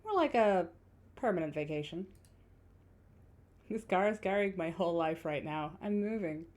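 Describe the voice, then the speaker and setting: A woman's voice: lowish voice, lively intonation, normal speed, a little mellow, natural voice. A woman reading the lines of a guarded young woman driver in a video game, with a dry, wry edge. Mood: wistful.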